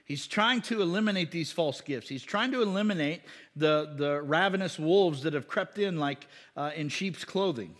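A man's voice: a little high, moderate pace, a bit bright. A man preaching a conversational sermon, with many fillers, asides and repetitions. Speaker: pastor. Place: church hall. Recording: long hall reverb.

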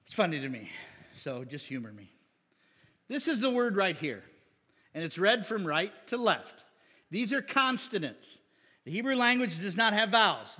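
A man preaching a sermon to a congregation, teaching from slides with quick jokes and asides. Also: high-pitched, sharp tone, long reverb tail. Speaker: pastor.

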